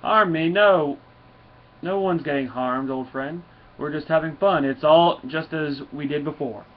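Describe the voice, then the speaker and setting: Drunken party dragon, read by a man, loud boasting, slightly higher pitch, muffled lo-fi audio. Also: unhurried, close to an everyday voice. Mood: boisterous. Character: drunken boisterous male dragon, rowdy. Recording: dull lo-fi with faint noise.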